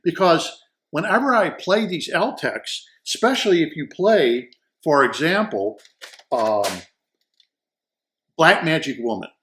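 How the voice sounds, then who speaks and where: A man with a somewhat raised pitch reviews audio equipment in a loose, conversational way. He rambles with enthusiasm and often stumbles over repeated words while reaching for a description. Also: lively intonation, a little slow, pauses often, fairly bright tone. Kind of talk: casual product review talk.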